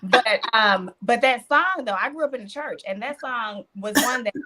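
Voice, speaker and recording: A woman hosting a podcast, telling stories in an animated way with churchy affirmations. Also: fairly high pitch, moderate pace, very noisy. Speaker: podcast host. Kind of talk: casual podcast chat.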